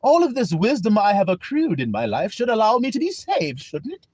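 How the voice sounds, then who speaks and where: A man's voice: sits high, huge pitch swings, brisk, darkish tone, slightly rough, no room sound, exaggerated voice. A preacher voicing a pompous, self-assured male scholar who talks down to others. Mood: haughty. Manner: haughty, condescending.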